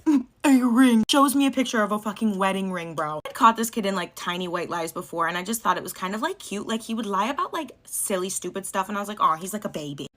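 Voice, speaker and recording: A young woman tells a personal story in a loose, chatty voice. She talks quickly, swears freely and scatters "like" through every sentence. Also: medium pitch, fairly bright tone. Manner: chatty, swears, lots of "like" fillers. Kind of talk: casual storytime chat.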